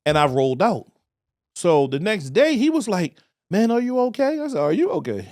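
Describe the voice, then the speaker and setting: A man with a Baltimore accent tells a story on a podcast, cursing freely and slipping into other people's voices. His pitch swings widely and sits a little high. The sound is close and dry. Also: normal speed, dry recording. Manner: animated, profane, acts out voices in anecdotes. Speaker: podcast co-host. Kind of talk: casual storytelling.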